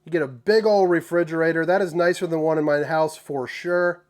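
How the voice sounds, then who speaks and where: Man, slightly high-pitched, folksy, joking, casual RV walkthrough. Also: a little fast. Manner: folksy, joking, relaxed slang. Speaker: RV tour host. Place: inside an RV.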